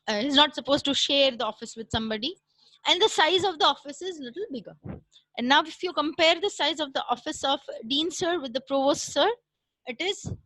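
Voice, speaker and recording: A woman giving a recorded classroom lecture, explaining step by step with frequent "uh" pauses and "right?" checks. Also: sits high, pushed and bright, dry recording, poor audio.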